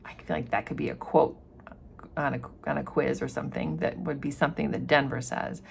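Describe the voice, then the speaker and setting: A woman's voice: rumbling low, fairly even intonation, fairly quick, creaky, slightly rough. A woman going through a novel chapter by chapter and explaining it in a casual way as a teacher. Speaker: literature teacher. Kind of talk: chapter-by-chapter book commentary.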